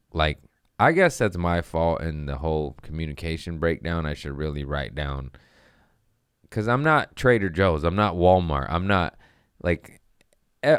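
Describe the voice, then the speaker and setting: A man's voice: sits low, smooth, dry recording, studio quality. A man hosting a comedy podcast, ranting profanely and acting out voices in a casual comedic style. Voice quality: profane, animated, acts out voices.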